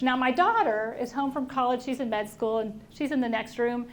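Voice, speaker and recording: A middle-aged woman speaking to an audience, telling a personal story in an animated way and acting out the voices of people she quotes. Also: sits high, a little fast. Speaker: invited speaker. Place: auditorium at a workplace event.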